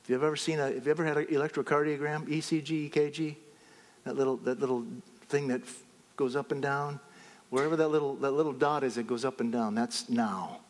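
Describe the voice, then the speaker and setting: A man preaching a sermon as a pastor, swinging between loud exclaiming and hushed whispers. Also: mid-range voice, fairly even intonation, a little fast, big-room sound.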